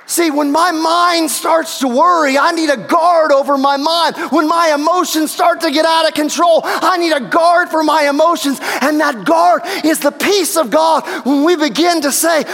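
A man with a strikingly high voice preaches to his congregation. He builds from quiet reflection to fervent, shouted exhortation, and a long reverb trails each phrase through the church hall. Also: fairly even intonation, normal speed, hardly any pauses. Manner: impassioned, rises to shouts. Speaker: pastor. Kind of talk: sermon.

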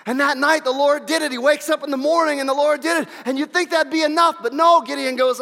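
High, bright-voiced preacher in reverberant church. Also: male voice, fairly even intonation, a little fast. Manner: emphatic, repeats phrases for effect. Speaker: pastor. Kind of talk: sermon.

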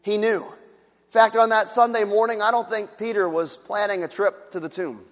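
A man preaching a sermon as pastor, moving between hushed tender passages and loud, shouted ones. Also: sits high, fairly even intonation, moderate pace. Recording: long reverb of a church hall.

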